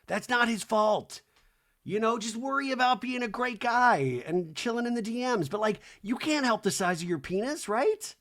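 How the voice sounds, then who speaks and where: A man hosting a comedy podcast, recapping reality TV in an animated, profane way and mimicking the cast. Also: very high-pitched, moderate pace. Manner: swears freely. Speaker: podcast host.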